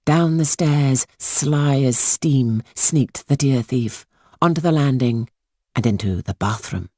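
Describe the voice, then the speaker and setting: A woman reading a children's story aloud in a hushed, suspenseful manner. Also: very deep voice, takes it slowly, no room sound, clean studio sound. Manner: hushed and suspenseful, lingering on words. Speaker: audiobook narrator. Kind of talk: scripted storybook narration.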